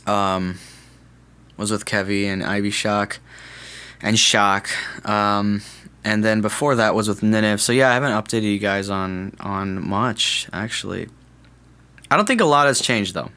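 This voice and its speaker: A man's voice: on the low side, a little slow, sharp tone, clean tone. A young man hosting a podcast, chatting casually in a rambling, jokey way, restarting and correcting himself. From California. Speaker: podcast host. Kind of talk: casual solo podcast chat.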